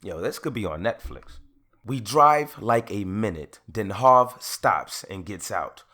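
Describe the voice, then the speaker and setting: A man's voice: fairly low pitch, pushed and bright. A male commentator casually recapping court testimony, reading quotes aloud and acting them out. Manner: reads quotes and acts them out.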